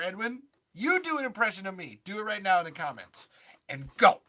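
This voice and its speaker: A man's voice: sits high, sing-song, fairly quick, bright, forceful tone. A man, a comedian and impressionist, chatting on a podcast in a rambling, self-deprecating way with many restarts. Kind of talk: casual podcast chat.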